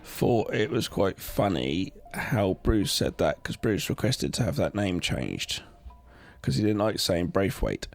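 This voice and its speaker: A man's voice: deep voice, very animated, a little slow, creaky, darkish tone. A man co-hosting a podcast, chatting casually about a film and often trailing off mid-sentence. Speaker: podcast co-host.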